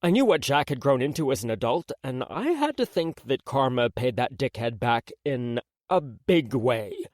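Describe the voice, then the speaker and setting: A man narrating a first-person romance audiobook in an expressive, intimate way. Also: medium pitch, moderate pace, hardly any pauses, dry recording, studio quality.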